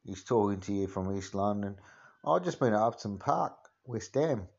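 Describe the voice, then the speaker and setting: A man's voice: lowish voice, lively intonation, moderate pace, creaky, a little mellow, muffled recording. A man putting on a crude, swaggering cockney geezer voice for a comic podcast monologue, rambling and packed with filler phrases. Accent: Cockney, put on. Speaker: podcast host.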